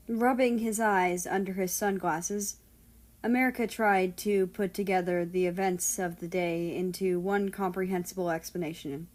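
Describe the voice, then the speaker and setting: A woman reading fan fiction aloud as an audiobook, in a calm, measured narration. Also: on the low side. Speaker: audiobook reader.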